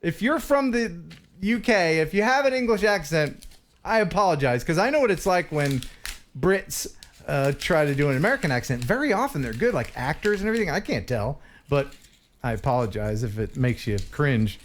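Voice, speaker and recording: A man's voice: a little high, expressive, normal speed, a little hiss or hum. A man hosting a casual live stream, chatting and reading a viewer's message aloud. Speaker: host.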